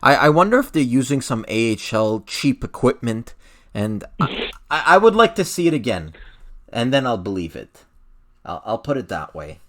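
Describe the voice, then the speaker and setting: A man's voice: mid-range voice, big pitch swings, moderate pace, a bit bright. A young man hosting a hockey podcast in casual chat, laid-back and hesitant with many fillers. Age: young adult. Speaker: podcast host.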